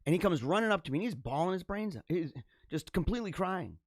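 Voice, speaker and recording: A man hosting a live stream, telling a long story off the cuff. His voice sits a little high for a man and sounds close and dry, with no room echo. He rambles and restarts often, then breaks into animated bursts. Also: fast talker. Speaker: livestream host. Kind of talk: casual storytelling monologue.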